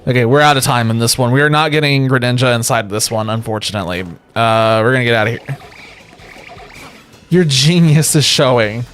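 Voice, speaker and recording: A man's voice: mid-range voice, a little fast, a bit bright, clear, resonant tone, faint music behind. An exhausted man streaming from home, rambling and joking in casual chat with his viewers. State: exhausted from lack of sleep. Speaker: livestreamer. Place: home streaming setup with a webcam.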